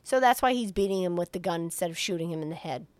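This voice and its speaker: A young woman, co-hosting a podcast and retelling a film plot in a casual, profane, animated way, often slipping into quoted voices. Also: on the low side, quick pace, dry recording. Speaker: podcast co-host. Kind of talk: casual movie recap.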